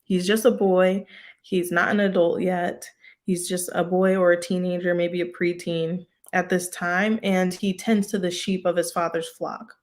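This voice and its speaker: A woman teaching a casual Bible study in a chatty way, full of "like" and "um" and quick laughs. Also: lowish voice, level tone. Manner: chatty, lots of "like" and "um", laughs often.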